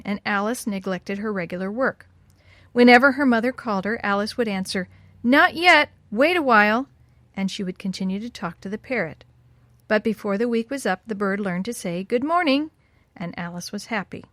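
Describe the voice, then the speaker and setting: A woman narrating a children's story in an expressive, lilting read-aloud style. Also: medium pitch, a little fast, dry recording.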